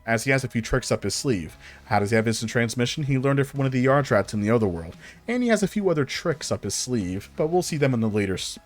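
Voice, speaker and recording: Casual rambling male storyteller. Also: medium pitch. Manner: rambling, conversational, with restarts. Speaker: channel narrator. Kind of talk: casual fan-story narration.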